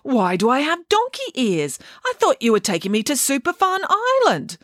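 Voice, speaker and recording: A woman voicing a greedy, lazy boy made of chocolate in a read-aloud storybook, in a high, whiny, cheeky voice. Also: huge pitch swings, normal speed, a bit bright, no room sound, clean studio sound, heavily acted. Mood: excited, whiny.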